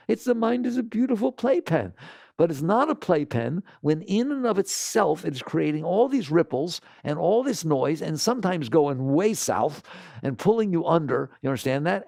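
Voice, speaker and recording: An older man giving an animated spiritual talk to an audience, asking rhetorical questions and acting out quoted voices. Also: high voice, vocal fry, dry recording, studio quality. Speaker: spiritual teacher.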